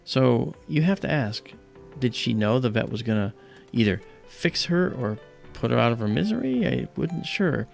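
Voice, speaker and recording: A man hosting a live stargazing stream, telling rambling, animated stories with many fillers and pauses. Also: medium pitch, creaky, faint music behind. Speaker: livestream host. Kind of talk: casual storytelling during a live stargazing stream.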